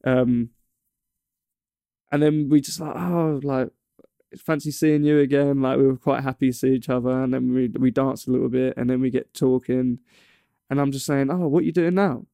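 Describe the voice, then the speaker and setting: Rambling young man, mellow voice. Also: medium pitch, steady tone, normal speed, vocal fry, clean tone, no room sound, studio quality. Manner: rambling, stumbles and restarts often. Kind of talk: casual chat.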